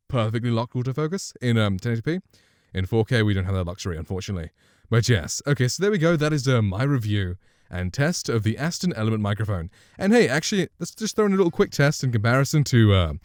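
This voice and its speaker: A man with a fairly low voice chats through a casual microphone review, rambling and correcting himself as he goes. He is close to a studio condenser mic in a dry, dead-sounding home setup. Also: no room sound. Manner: chatty and rambling, self-correcting. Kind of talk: casual gear review and demo.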